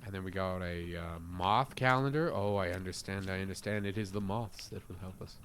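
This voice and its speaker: A man streaming a puzzle game in casual commentary, thinking aloud, muttering and trailing off, with sudden excited gasps and exclamations. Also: low voice, fairly quick, slight background noise.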